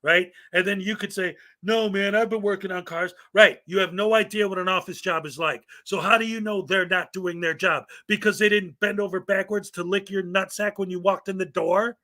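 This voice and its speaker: A man's voice: sits high, fairly even intonation, moderate pace, few pauses, sharp tone. A man hosting a commentary show, ranting bluntly and with profanity. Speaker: commentary channel host.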